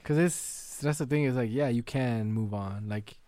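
A man's voice: medium pitch, moderate pace, dark tone, no echo. A man co-hosting a podcast in casual chat, earnest and rambling with lots of fillers. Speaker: podcast co-host.

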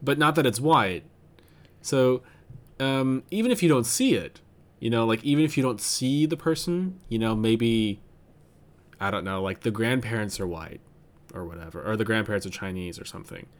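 A man's voice: medium pitch, expressive, normal speed. A man co-hosting a podcast, chatting casually and thinking aloud with lots of fillers and restarts. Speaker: podcast co-host. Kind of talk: casual chat.

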